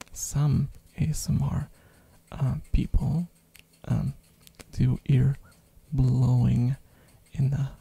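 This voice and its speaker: Slow, raspy, hoarse ASMR rambler with a throat infection, chatty and giggly, close on a binaural mic. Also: medium pitch, dark tone. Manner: rambling, with frequent fillers and giggles. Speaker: ASMR streamer. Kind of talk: soft-spoken ASMR rambling.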